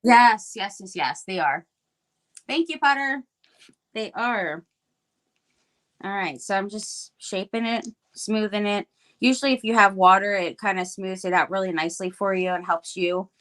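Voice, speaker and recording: A woman's voice: medium pitch, measured pace, fairly bright tone. A middle-aged woman chatting casually while she crafts live, rambling with many fillers and restarts. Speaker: crafting livestream guest.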